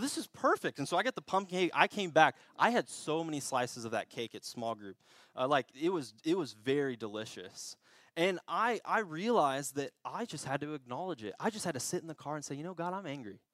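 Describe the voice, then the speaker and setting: A young man preaches in a relaxed, storytelling way, laughing at himself and restarting phrases as he goes. His voice sits at an ordinary middle pitch. The sound is dry and close. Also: no room sound. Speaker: pastor. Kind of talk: sermon. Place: church.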